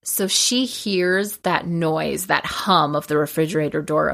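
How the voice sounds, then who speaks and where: Low-voiced woman recapping a film. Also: measured pace, creaky, few pauses. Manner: animated retelling, acting out quotes. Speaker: podcast co-host.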